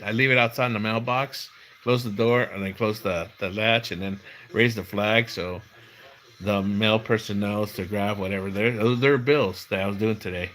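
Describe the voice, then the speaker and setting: A man's voice: on the low side, normal speed, fairly bright tone, slight background noise. A middle-aged man hosting his own livestream, telling stories in a loose, rambling way with many restarts. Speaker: livestream host. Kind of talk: casual livestream chat.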